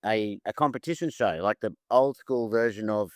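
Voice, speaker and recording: A man's voice: fairly low pitch, moderate pace, dry recording, studio quality. A man with an Australian accent, a musician guest in a casual interview, chatting and telling stories with frequent restarts.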